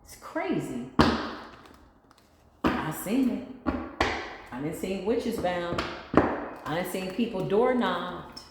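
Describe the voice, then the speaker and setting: A woman's voice: on the low side, sing-song, slow pace, long pauses. A woman giving a casual spiritual reading, talking in an emphatic, rambling, slangy and blunt way. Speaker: intuitive spiritual reader. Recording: echoey room with long reverb and faint noise.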